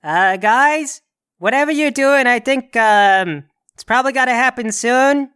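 High bright-voiced man giving orders. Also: clean tone. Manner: bossy, giving quick orders. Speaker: player. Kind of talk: tabletop game play.

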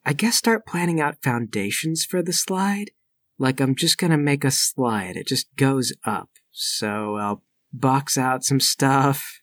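A man's voice: medium pitch, takes it slowly, fairly bright tone, dry recording. A man playing a tabletop role-playing game, talking in a casual, rambling way. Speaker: player.

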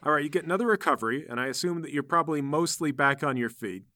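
A man's voice: fairly high pitch, fast, pushed and bright, dry recording, clean studio sound. A man narrating a tabletop game as game master, giving vivid play-by-play.

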